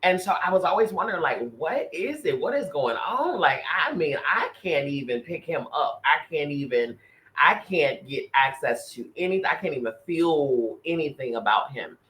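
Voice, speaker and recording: A man's voice: fairly high pitch, sing-song, normal speed, pushed and bright, rough recording. Earnest man telling a personal story. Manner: earnest, repeating and restarting phrases as he recounts. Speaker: podcast co-host. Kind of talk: casual chat, personal spiritual story.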